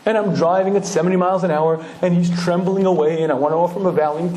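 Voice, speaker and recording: A rabbi delivers a storytelling Torah lecture with animated energy, often pausing to clear his throat. His voice sits fairly high but sounds warm and mellow. The room echoes noticeably, with slight background noise.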